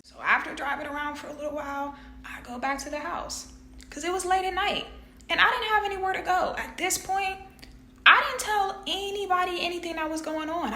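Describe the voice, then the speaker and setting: A woman's voice: very high-pitched, sharp tone, slight background noise. A woman working as a spiritual life coach, telling a personal story to camera in an earnest, emphatic way and acting out her inner voices. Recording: roomy echo.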